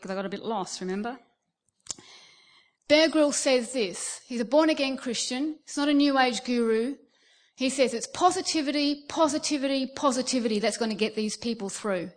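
A middle-aged Australian woman with a high voice delivers a sermon. She tells stories with energy and slips into the voices of the people she describes. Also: normal speed. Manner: animated storytelling, acting out quoted voices. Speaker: preacher.

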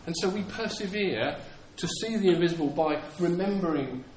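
Earnest preacher in an echoey room. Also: male voice, sits high, animated, normal speed, a little mellow, slight background noise. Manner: earnest, repeats words, acts out quoted lines. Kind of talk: sermon. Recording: echoey room with faint ambience.

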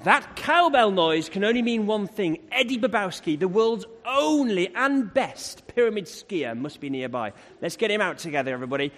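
High, lively man hosting a live show. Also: moderate pace, few pauses. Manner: energetic, shouting calls to the crowd. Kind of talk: live stage hosting, rousing the audience. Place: live stage in a large hall. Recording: echoey hall with crowd and music.

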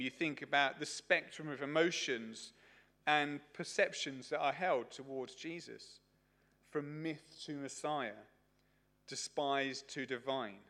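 Fields: Man, chatty preacher, middle pitch. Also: bright, forceful tone. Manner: chatty, anecdotal, with many fillers. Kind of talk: sermon. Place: church service.

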